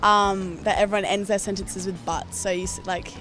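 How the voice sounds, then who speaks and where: A woman's voice: medium pitch, little pitch movement, normal speed, fairly bright tone. A woman in a street interview explaining slang animatedly, with plenty of fillers. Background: faint background music.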